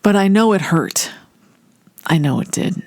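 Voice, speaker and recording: A woman casually telling a personal story, animated and acting out the voices of people she quotes. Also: medium pitch, a little slow, dry recording, studio quality. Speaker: storyteller recounting a personal memory.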